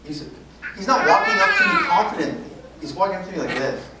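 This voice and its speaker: A woman telling a story in a sermon, acting out the dialogue in a lively, conversational way. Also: medium pitch, fast talker. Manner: animated, conversational, acts out dialogue. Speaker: preacher. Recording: echoey hall from far off, noisy.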